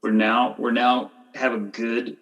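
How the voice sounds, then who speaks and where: A man's voice: mid-range voice, level tone, takes it slowly, fairly bright tone, muffled recording, faint music behind. A man hosting a podcast interview, summing up and asking questions with frequent hesitations. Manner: hesitant, many fillers and restarts. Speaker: podcast host, chiropractor.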